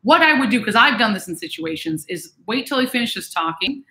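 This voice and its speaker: A woman vlogger giving casual advice to viewers in a chatty, animated way, acting out what other people say. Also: fairly high pitch, brisk. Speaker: vlogger reading and answering viewer messages. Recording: echoey room.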